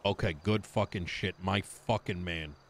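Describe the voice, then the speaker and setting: Man, lowish voice, blunt, fired-up, swears, in-character voice chat. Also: a little slow, slight background noise.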